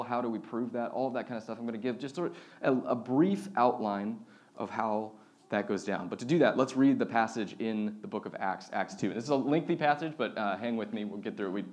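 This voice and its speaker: A man's voice: medium pitch, a little mellow. A young man giving a sermon as a pastor, talking casually and conversationally with fillers.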